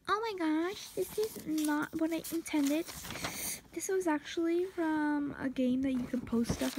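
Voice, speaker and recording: Gravelly slow-talking young woman. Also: on the high side, background noise. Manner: exclaiming, drops into whispered asides. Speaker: vlogger. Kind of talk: casual commentary.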